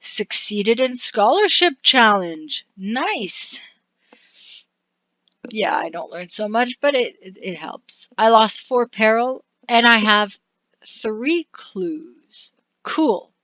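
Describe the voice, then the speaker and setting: Slow-talking woman narrating a game. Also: a little high, big pitch swings, a bit bright, no echo, muffled recording. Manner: reads game text aloud with asides and frequent laughs. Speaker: let's-play narrator. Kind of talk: casual game narration, reading text aloud.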